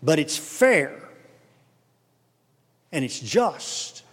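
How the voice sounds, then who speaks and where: A man with a Texan accent preaching a sermon as pastor, swelling emphatically on key words and dropping into quick asides. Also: on the high side, big pitch swings, fairly bright tone. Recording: long hall reverb.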